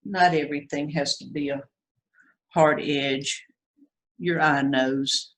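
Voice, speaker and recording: A woman demonstrates watercolor painting for beginners, talking unhurriedly as she works. She thinks aloud, second-guesses her strokes, and reassures her students in a relaxed, chatty way. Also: sits low, takes it slowly, low-quality recording. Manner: chatty, self-critical, reassuring. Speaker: watercolor teacher.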